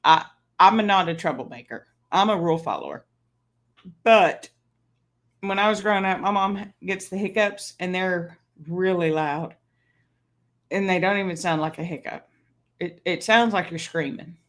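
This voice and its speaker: A woman in her fifties hosts a casual birthday livestream, speaking at normal speed in a fairly low-pitched voice with long pauses. She tells stories and laughs often, picked up by a streaming setup mic.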